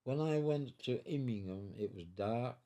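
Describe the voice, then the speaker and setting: The recording is muffled, carrying the mellow, mid-range voice of a man in his nineties who speaks at a moderate pace. He is a veteran telling his life story in a home interview, rambling, repeating, starting over, and chuckling as he talks.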